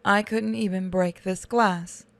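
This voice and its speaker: Brief: woman playing a moody male cyborg inmate, robot voice effect, quiet flat delivery, smooth tone, dry sound. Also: medium pitch, unhurried, dry recording. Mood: bitter. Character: gloomy male cyborg prisoner, bitter and self-pitying.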